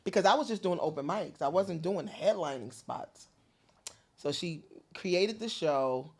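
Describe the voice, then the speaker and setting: A woman comedian from New Jersey, telling animated, colorful stories in a casual interview and swearing freely. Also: fairly low pitch, a little slow, husky. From Paterson, New Jersey. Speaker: comedian and guest.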